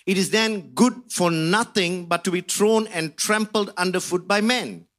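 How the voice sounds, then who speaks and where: A man preaching a sermon with fervor, rising to shouts on key phrases and stretching out key words. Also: sits high. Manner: drawn-out emphasis on key words.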